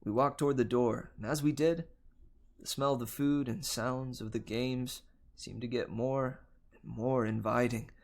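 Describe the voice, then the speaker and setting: A man reading a novel aloud on a livestream, telling the first-person story in a steady, unhurried way. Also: medium pitch. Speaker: livestream reader.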